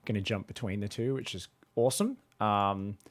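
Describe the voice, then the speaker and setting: A man with a fairly low voice leads a relaxed coaching session on stream, chatting freely between the lessons. He laughs easily and drops in the odd swear word. He sounds like he is speaking into a desk or headset mic on a voice call. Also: moderate pace. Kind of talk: casual coaching chat on stream.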